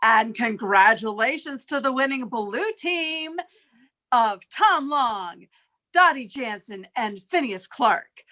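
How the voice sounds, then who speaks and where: A woman announcing the final score and credits of an online improv show, measured and deliberate, over a video call. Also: fairly high pitch, lively intonation, pushed and bright. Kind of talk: reading results and credits.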